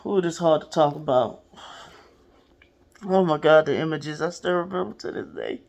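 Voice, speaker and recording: Talking directly to her listeners, a podcast host shares a personal story in a candid, profane, casual manner. Her voice is low, a little mellow, and at normal speed.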